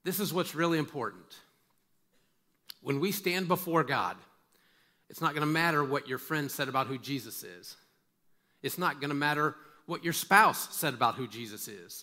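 Man preaching a sermon, bright punchy voice, emphatic, keeps repeating words and firing questions at the crowd. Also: on the high side. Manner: asks listeners direct questions. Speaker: pastor.

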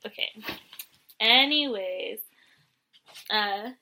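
A woman's voice: mid-range voice, drawn-out words, creaky, sharp tone, low-quality recording. A woman chatting casually as co-host, recapping and mocking a reality show, acting out quotes with sarcasm. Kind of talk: casual chat.

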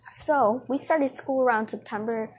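A woman's voice: on the high side, moderate pace, a little mellow, husky, poor audio. A teenage girl chatting casually to her viewers in a rambling, distracted way, full of fillers, with a dry throat. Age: teens. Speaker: vlogger.

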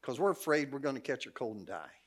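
A man's voice: medium pitch, very animated, quick pace. A middle-aged man, preaching as a guest speaker in a church, telling folksy stories with a joking, laughing manner. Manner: folksy, jokey storyteller, laughs often. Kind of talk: sermon with storytelling. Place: church sanctuary.

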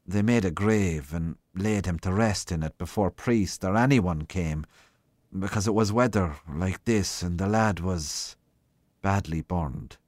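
A man reading aloud, voicing a weary, burly middle-aged police sergeant who speaks in a flat, terse, grim way. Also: low voice, measured pace, no echo, clean studio sound. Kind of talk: reading a short story aloud.

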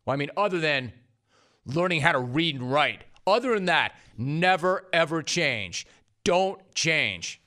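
A man with a somewhat high voice hosts a sports radio show. He is sarcastic and emphatic, and he repeats his punchlines for effect. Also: animated, a little slow, sharp tone. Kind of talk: sports talk monologue.

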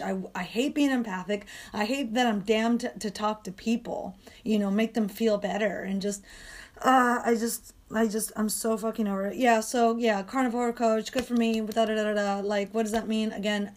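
A woman rants in a hoarse, sandpapery voice, swearing constantly as she vents. Her talk is exasperated and restless, with sudden flare-ups into loud, sharp complaint. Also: mid-range voice. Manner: profane, ranting, exasperated. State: hoarse, strained voice. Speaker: dog walker and coach. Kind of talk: angry venting monologue.

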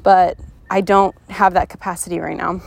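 A woman's voice: on the low side, flat delivery, normal speed, creaky, a little hiss or hum. A woman hosting a podcast, talking casually and earnestly to her listeners, full of "like" fillers and restarts. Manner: chatty, many "like" fillers and restarts; earnest and encouraging. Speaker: podcast host. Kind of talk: casual motivational podcast talk.

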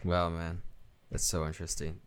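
A man with a very deep voice talks casually in a smooth, resonant tone. He speaks hesitantly and uses many fillers and restarts. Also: flat delivery, moderate pace. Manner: hesitant, filler-heavy talk. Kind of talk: casual chat.

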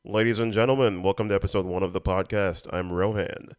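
A booming old-school stage announcer voiced by a man, grand and raised, presenting like it's a big event. The tone is deep and clear. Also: steady tone, fast talker, dry recording, studio quality, natural voice. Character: classic male stage announcer.

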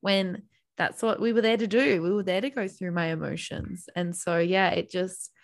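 A woman's voice: on the low side, normal speed, creaky. Earnest young woman podcast co-host. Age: young adult. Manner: open, earnest, animated storytelling. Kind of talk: casual chat.

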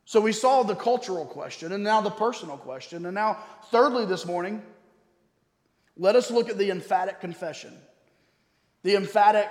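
A man preaching a sermon as pastor. He is emphatic, slows down to stress key words and drops suddenly to a quiet voice. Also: sits high. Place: church sanctuary. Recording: echoey hall with long reverb.

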